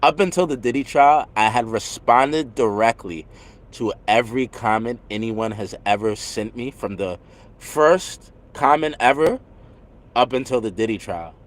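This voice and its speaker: Host: talkative, earnest New York man, mid pitch, casual livestream chat outdoors. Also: unhurried. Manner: earnest, talkative, easy laughs. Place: outdoors walking city streets.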